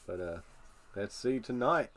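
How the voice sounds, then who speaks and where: A man's voice: medium pitch, animated, unhurried, a bit bright. A man hosting a live stream, reacting to a broadcast in a laid-back, rambling way. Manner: laid-back, rambling, uses filler phrases. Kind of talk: casual reaction commentary.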